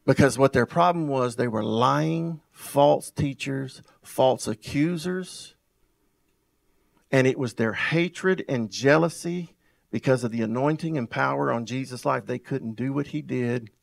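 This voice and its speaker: A male pastor, preaching a sermon full of rhetorical questions and repeated phrases, swinging between loud and soft and drawing out words for emphasis. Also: medium pitch, vocal fry. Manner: wide swings in loudness and pace, drawn-out emphasis.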